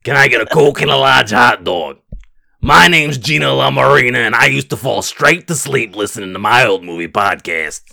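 A brash, loud New Jersey woman, as a man puts her on speaks in a deep, drawling, overdone Jersey accent. The delivery swings up and down with lively pitch. The sound is close and dry. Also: normal speed, vocal fry, no room sound, exaggerated voice. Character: brash Jersey woman ordering a hot dog.

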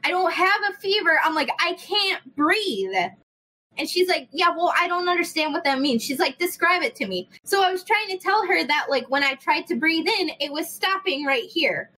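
A young woman telling a story in casual chat, animated, swearing freely and acting out the people in it. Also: extremely high pitch, fairly quick, few pauses, low-quality recording. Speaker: podcast host.

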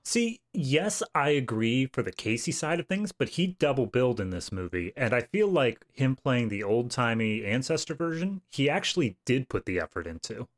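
A man's voice: medium pitch, normal speed, hardly any pauses. A young man with a General American accent, co-hosting a movie podcast in casual, wry chat. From United States. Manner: animated, wry, acts out quoted lines. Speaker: podcast co-host.

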